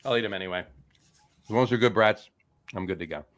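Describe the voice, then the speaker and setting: A man's voice: fairly low pitch, fast talker, fairly bright tone. A man hosting a beer podcast, chatting casually and telling jokes with lots of fillers and restarts. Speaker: podcast host.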